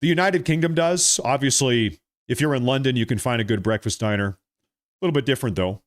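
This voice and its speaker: A brisk man with a medium-pitched voice hosts a live political stream, chatting casually and repeating himself. He speaks straight to viewers, calling them folks and ladies and gentlemen, in clean studio sound with no echo.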